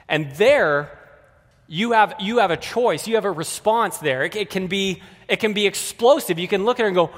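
A man's voice: sits high, expressive, normal speed, fairly bright tone, big-room sound. A man preaching a sermon in a conversational way, speaking directly to the kids and the adults in the congregation.

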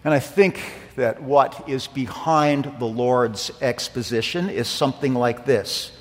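A man's voice: mid-range voice, measured pace. A man preaching a sermon in a church, earnest, swelling on key phrases. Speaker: pastor. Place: church sanctuary. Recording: long hall reverb.

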